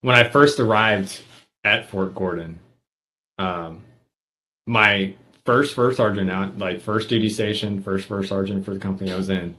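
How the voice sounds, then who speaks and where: A male army veteran with a fairly low voice that has a bright, forceful edge. He tells stories from his service in an easygoing way and laughs often. Loose, friendly podcast banter. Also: measured pace, poor audio. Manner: laughs easily, tells anecdotes. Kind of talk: casual chat.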